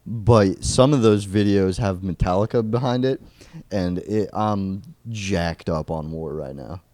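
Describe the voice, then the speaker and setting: Young male podcast co-host, low mellow voice, crude rambling jokes, dry close sound. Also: unhurried, no echo. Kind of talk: casual comedic chat.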